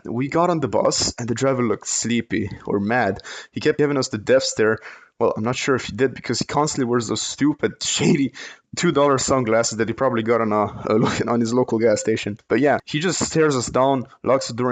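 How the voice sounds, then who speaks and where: A young man, telling a story in a casual, rambling way with many fillers and restarts. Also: medium pitch. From Slovenia. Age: late teens. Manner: rambling, lots of fillers and self-corrections, laughs while telling. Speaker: vlogger, storyteller.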